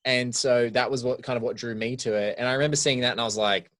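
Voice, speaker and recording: A man co-hosting a casual podcast, talking in an enthusiastic, rambling way. His voice sits at an ordinary middle pitch, and his sentences often trail off softly. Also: fairly even intonation, fast. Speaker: podcast co-host. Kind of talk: casual chat.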